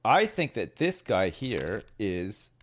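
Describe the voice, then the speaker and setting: A man's voice: sing-song, slow pace. A man streaming a game, muttering and puzzling things out aloud as he plays. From Britain. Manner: muttering, puzzling things out, wildly swinging pitch. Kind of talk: thinking aloud while playing a game. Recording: faint game music behind. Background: faint game music.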